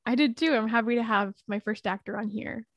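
A woman's voice: a little high, fairly quick, no echo, lo-fi sound. Breezy podcast host woman, dry sound. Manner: breezy, laughs often. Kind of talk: casual podcast chat.

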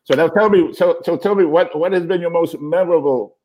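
A man interviewing comedians, asking quick, stumbling questions. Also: fairly high pitch, darkish tone, low-quality recording.

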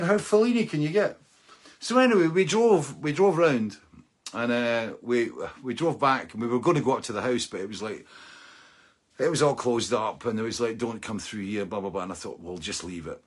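A middle-aged man telling a story in a casual, animated way. He laughs often, restarts phrases and lets lines trail off. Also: medium pitch, breathy edge.

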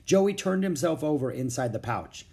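Reading a children's book aloud, this audiobook narrator tells the story with lots of expression. The voice is mid-range and husky, with some vocal fry, and moves at a normal speed.

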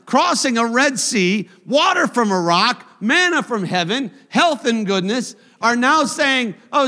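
Brief: male preacher, high and animated, chatty with humor and then emphatic, in a reverberant sanctuary. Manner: conversational and humorous, rising to emphatic. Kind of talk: sermon. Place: church sanctuary. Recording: long church hall reverb.

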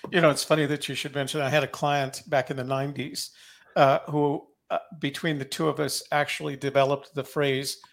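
A man's voice: mid-range voice, level tone, fairly quick, gravelly. A man co-hosting an interview, sharing a short anecdote of his own. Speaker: podcast co-host. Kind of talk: casual interview chat.

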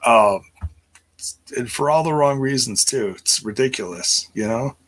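A man's voice: medium pitch, measured pace, fairly bright tone. A middle-aged man chatting casually on his livestream, rambling with many fillers and restarts. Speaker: livestream host.

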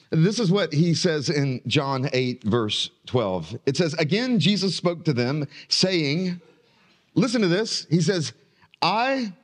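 A man in his thirties giving a sermon as pastor from a church stage, preaching dramatically with drawn-out pauses and falling emphasis. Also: a little high.

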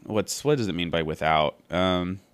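A man's voice: low voice, moderate pace, smooth, no echo. A man giving casual, earnest Bible commentary, thinking aloud as he meanders from point to point. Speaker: Bible study podcaster.

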